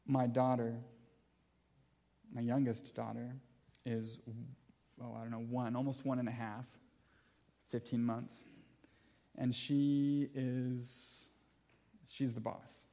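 A pastor delivers a sermon with earnest emphasis, leaning on repeated key phrases and easing into personal anecdotes with gentle humor. His pitch is middling and his delivery flat and slow, with frequent pauses.

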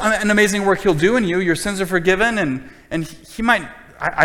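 Pastor guy preaching, earnest and emphatic, voice a bit high, big hall echo. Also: fairly bright tone. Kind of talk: sermon.

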